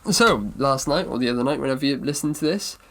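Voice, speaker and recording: A man's voice: medium pitch, quick pace, fairly bright tone. Rambling man chatting basketball. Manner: rambling, self-correcting, playfully mock-serious. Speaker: podcast co-host. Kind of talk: casual sports chat.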